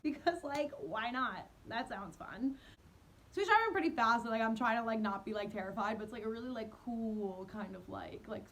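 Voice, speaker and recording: A young woman telling a dating horror story in a storytime vlog, animated and giggly, mocking herself. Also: fairly high pitch, brisk. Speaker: vlogger.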